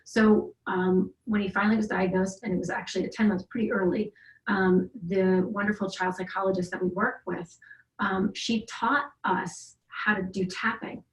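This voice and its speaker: A woman's voice: mid-range voice, steady tone, moderate pace. A middle-aged woman recounting a family story in casual conversation, rambling with many restarts. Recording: roomy echo.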